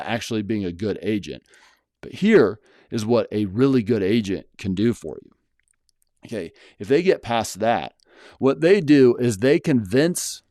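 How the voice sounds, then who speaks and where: A man who flips houses hosts his own channel, talking to the camera alone in a casual, blunt way and rambling with many fillers and restarts. His voice is mid-range and darkish, with clean studio sound and no room sound.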